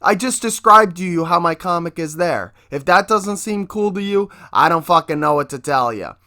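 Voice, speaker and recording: A man's voice: sits high, lively intonation, normal speed, bright, forceful tone, no echo, clean studio sound. A man casually promoting his own comic book, hyped and swearing constantly as he talks.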